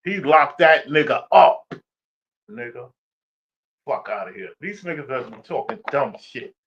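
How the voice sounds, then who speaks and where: Animated, trash-talking man on lo-fi audio. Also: mid-range voice, unhurried, husky. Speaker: sports streamer. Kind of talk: casual sports rant. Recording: dull lo-fi stream audio.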